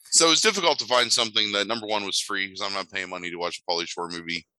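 A man's voice: fairly low pitch, fast talker, pushed and bright, no echo, low-quality recording. A man co-hosting a casual movie podcast, talking in a dry, sardonic way with frequent ums. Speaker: podcast co-host.

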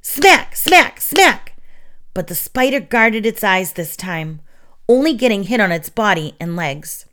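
A woman reading children's stories aloud in an expressive, dramatic way. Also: medium pitch, normal speed. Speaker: storyteller.

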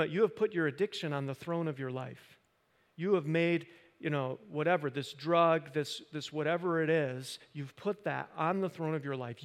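A pastor preaching a sermon into a microphone, building from quiet talk to loud, impassioned emphasis. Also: male voice, on the high side. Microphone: handheld or stand microphone. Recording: reverberant hall.

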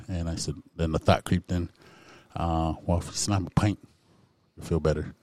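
Deep-voiced man telling his recovery story. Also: steady tone, normal speed, darkish tone, no room sound. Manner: candid, conversational storytelling with many fillers. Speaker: speaker sharing recovery story.

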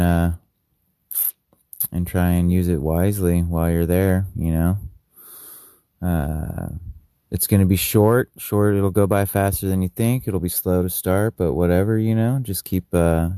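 A man with a very low, dark voice talks casually and jokingly, encouraging a friend. His tone stays flat. The recording is dry and close. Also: moderate pace, no echo. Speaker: friend sending a message.

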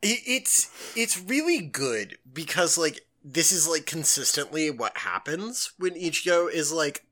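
A man's voice: fairly high pitch, unhurried, few pauses. A man co-hosting a podcast, chatting casually and animatedly with lots of fillers as he recaps a story. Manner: animated, filler-heavy, acts out quotes. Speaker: podcast co-host.

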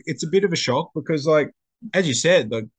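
A young man chatting casually, his voice sitting a touch higher than most men's. He rambles through his stories with slang and plenty of restarts. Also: lively intonation, brisk, husky. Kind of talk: casual chat.

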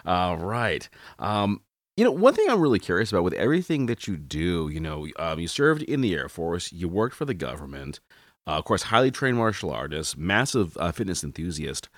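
A man's voice: sits low, sing-song, normal speed, no echo, clean studio sound. A man hosting an interview podcast, asking curious, enthusiastic questions in a casual way. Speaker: podcast host.

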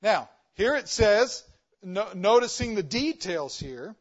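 A man's high-pitched voice swings widely as he speaks slowly, giving an emphatic church sermon as a guest missionary preacher. He leans on rhetorical questions and varies his volume to stress points. The audio is dull.

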